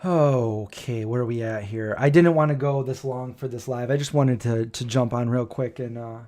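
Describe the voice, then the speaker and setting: Warm-toned and medium-pitched, a forties-aged live-stream host speaks at a moderate pace. His rambling family stories come with acted-out quoted dialogue.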